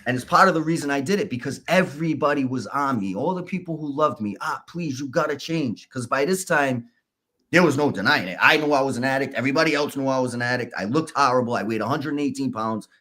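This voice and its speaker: A man, a podcast guest, telling his story candidly in a halting, casual way. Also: mid-range voice, bright, forceful tone. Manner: candid, halting, restarts and fillers.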